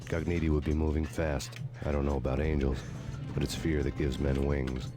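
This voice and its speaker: An actor playing a weary hard-boiled cop, narrating a crime game in a flat, brooding tone. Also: male voice, very deep voice, normal speed, over music. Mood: grim.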